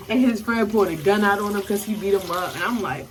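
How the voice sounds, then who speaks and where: A young woman with a Maryland accent, telling a casual storytime to her camera in a slangy, animated way. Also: medium pitch, normal speed, distant mic, poor audio. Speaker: vlogger.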